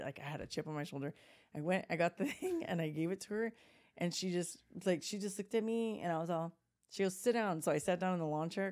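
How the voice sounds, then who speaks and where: A woman in her forties whose voice is on the low side co-hosts a podcast and recalls something from her childhood. Her telling is casual and animated, full of laughter and acted-out dialogue.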